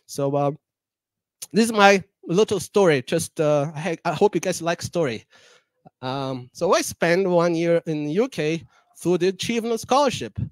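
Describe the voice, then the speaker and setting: A man's voice: a little high, expressive, normal speed, no room sound. A young man from Madagascar giving a public talk, hesitant, with many fillers and restarts. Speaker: guest speaker.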